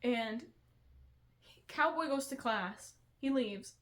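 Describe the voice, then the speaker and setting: A woman's voice: a little high, slow pace, fairly bright tone. A young woman hosting a casual chat, telling a school story in a chatty way, swearing and laughing often. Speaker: vlogger host.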